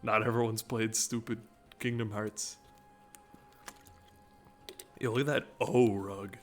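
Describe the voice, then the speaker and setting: A man's voice: on the low side, steady tone, slow, soft background music. A man giving casual let's-play commentary, rambling, joking and breaking off his own sentences. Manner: rambling, joking, self-interrupting. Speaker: gaming video commentator.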